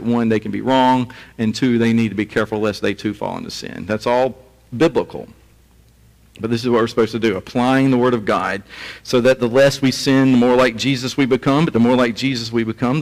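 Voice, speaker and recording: A male pastor preaching a sermon in a relaxed, conversational way, with chuckling asides. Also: mid-range voice, big-room sound, rough recording.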